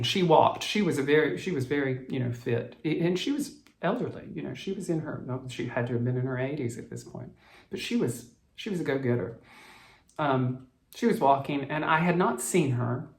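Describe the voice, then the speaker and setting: A man's voice: on the high side, echoey room. A man from the American South, a cross-stitch vlogger, telling a childhood memory in a rambling, reflective way with many restarts, choked up at times. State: emotional, choked up. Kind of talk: personal storytelling.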